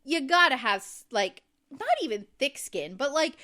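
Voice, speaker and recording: A woman's voice: sits high, lively intonation, moderate pace, pushed and bright. A woman co-hosting a podcast, chatting casually and filling her talk with "like" and "um". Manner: chatty, filler-heavy, lots of "like". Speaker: podcast co-host recapping a reality show. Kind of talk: casual chat.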